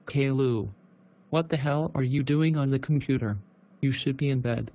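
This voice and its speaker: A synthetic male text-to-speech voice playing a fussy, gullible mother in a cartoon, with a flat, even delivery. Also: medium pitch, moderate pace, lightly acted. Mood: concerned.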